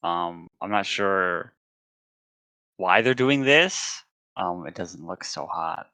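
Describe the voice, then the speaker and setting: A man co-hosting a casual podcast, talking in a dry, hesitant way with many pauses. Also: low voice, lively intonation, pushed and bright, clear, resonant tone, no echo. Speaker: podcast co-host.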